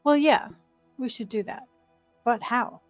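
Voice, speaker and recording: A woman playing her character in a tabletop game, speaking animatedly and exclaiming. Her voice is somewhat high and recorded dry and close, with faint music behind. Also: measured pace, no room sound. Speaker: player. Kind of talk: casual in-character play.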